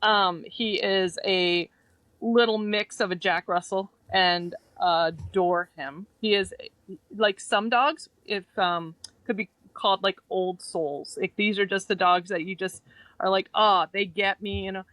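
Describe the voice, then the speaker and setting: A woman's voice: medium pitch, fairly even intonation, unhurried, fairly bright tone, no room sound. Fond storytelling woman guest. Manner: fond storytelling, laughs often. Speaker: podcast guest. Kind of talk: casual chat.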